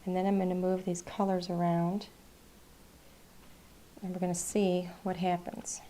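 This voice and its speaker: A woman hosting a live craft class, talking quietly and half to herself while she paints. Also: lowish voice, level tone, a little slow, slight background noise. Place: craft studio.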